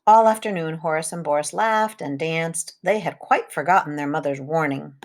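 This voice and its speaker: A woman reading a children's storybook aloud, with lively sound effects and rhythmic repetitions. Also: deep voice, moderate pace.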